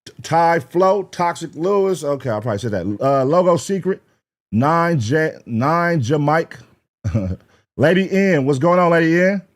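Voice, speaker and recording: A man's voice: on the high side, animated, normal speed. Hyped, slangy male reaction streamer. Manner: loose, laughing, profane slang, shouting out chat names. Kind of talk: live-stream reaction commentary.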